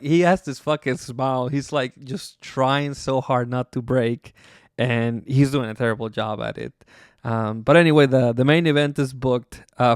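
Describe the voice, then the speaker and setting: A male podcast host recaps things casually, rambling and swearing, with plenty of fillers and chuckles. His medium-pitched voice is smooth, recorded at studio quality with no echo.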